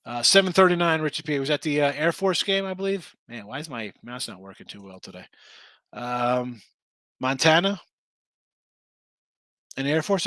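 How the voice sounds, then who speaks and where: A man hosting a sports betting stream in a casual, rambling way, reading out picks and records and talking back to his chat. His voice is bright and forceful and sits a little high. The sound is dry and close, with no room echo. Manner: rambling, reads out picks and chat names, restarts often. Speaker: sports betting show host.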